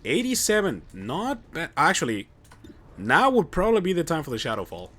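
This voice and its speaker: A man's voice: fairly high pitch, huge pitch swings, moderate pace, a bit bright. A young man commentating his own gameplay on a live stream, chatty and joking as he thinks aloud. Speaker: game streamer.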